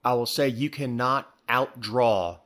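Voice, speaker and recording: A man's voice: mid-range voice, a little slow, fairly bright tone. A man co-hosting a podcast, talking casually about the news with dry, wry asides and repeated words. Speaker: podcast co-host.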